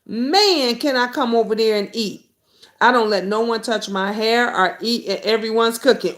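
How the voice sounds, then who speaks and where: A middle-aged woman hosts a YouTube talk show live stream, reading viewer comments aloud and speaking bluntly, swearing freely here and there. She's outspoken and animated, hopping between comments and stories, with a slightly high voice at a normal pace.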